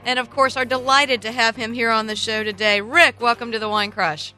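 A Southern woman hosts her talk show with eager, gushing energy. Her voice is bright, smooth and fairly high, recorded close and dry. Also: steady tone, fairly quick, faint music behind. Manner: gushing, enthusiastic. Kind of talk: radio talk show interview.

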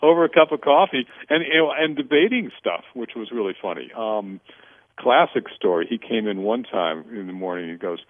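A middle-aged man, a guest on a radio interview, chatting in a relaxed way and telling lively stories, acting out the lines of other people. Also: on the low side, moderate pace, no echo. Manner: storytelling, animated, quotes others in dialogue; many fillers and restarts. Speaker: winery owner, guest. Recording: tinny phone-line radio audio.

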